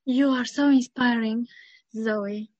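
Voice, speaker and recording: A woman's voice: fairly high pitch, steady tone, slow, darkish tone, no echo, muffled recording. A woman interviewing a guest, moved and tearful.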